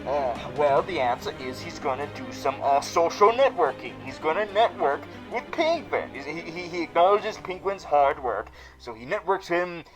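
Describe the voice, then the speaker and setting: Rambling, profane man with a high voice. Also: lively intonation, normal speed, few pauses, music in the background, poor audio. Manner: rambling, profane, many fillers and restarts. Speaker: comedy vlogger in villain persona. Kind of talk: comic rambling recap.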